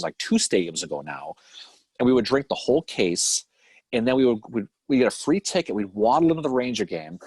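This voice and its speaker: This Boston-accented, middle-aged podcast co-host swears freely and laughs a lot while wandering through old memories on a casual live stream. His mid-range voice is husky with a darkish tone, recorded with no room sound.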